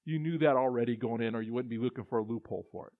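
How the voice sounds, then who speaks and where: A male pastor delivers a sermon in a casual, conversational way, stumbling and restarting as he goes and slipping into voices for quoted lines. His voice sits mid-range in pitch. The recording is dry and slightly dull, with little room sound. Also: very fast, dry recording. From Texas. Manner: conversational preaching with many restarts and acted-out quotes.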